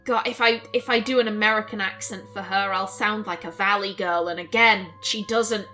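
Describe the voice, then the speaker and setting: Bright-voiced woman reading a game aloud. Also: medium pitch, steady tone, normal speed, soft background music. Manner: chatty, self-correcting, narrates in first person. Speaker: let's play host. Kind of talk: reading a visual novel aloud with commentary.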